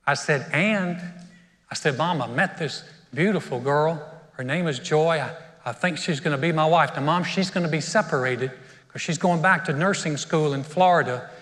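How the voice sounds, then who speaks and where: A man's voice: a little high, normal speed, a bit bright. A middle-aged man preaching a sermon, telling a personal story and getting choked up with emotion. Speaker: pastor. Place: church sanctuary. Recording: long reverb of a church hall.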